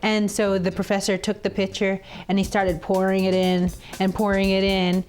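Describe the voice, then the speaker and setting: A woman, a nun and teacher, hosting a children's TV chat, gentle and teacherly, telling a story and acting out its voices. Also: mid-range voice, completely flat delivery, moderate pace, soft background music.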